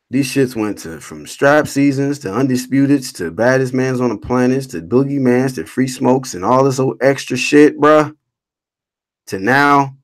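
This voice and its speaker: A man hosting a casual boxing livestream, reading chat comments aloud and answering them in a blunt, slangy, swearing rant. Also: medium pitch. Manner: blunt, animated, reads chat comments aloud and rants back.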